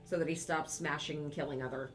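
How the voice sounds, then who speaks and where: A woman's voice: low-pitched, fairly even intonation, quick pace, soft background music. A woman playing a tabletop game live, chatty and playful, rallying the group. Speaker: player. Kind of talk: casual live-play chat.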